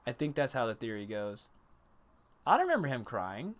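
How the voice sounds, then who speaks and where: A medium-pitched man at a moderate pace gives a casual livestream review of an anime episode. He's animated and profane, and he interrupts himself to welcome chatters and answer what they ask.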